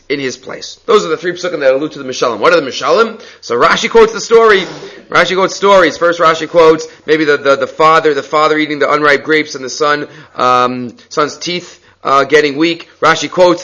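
Animated, bright-voiced male Talmud teacher. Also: on the high side, normal speed. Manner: animated storyteller, acts out quotes, frequent restarts. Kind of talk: lively text study lecture. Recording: slightly dull lo-fi audio.

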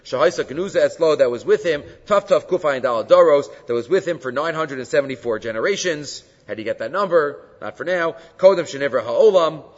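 A man's voice: fairly high pitch, animated, a little fast, few pauses. Man teaching a Talmud class in a hall. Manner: explains texts, frequent rhetorical "right?"; mixes Hebrew and Aramaic terms into English. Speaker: Torah teacher. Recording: dull lo-fi sound with long hall reverb.

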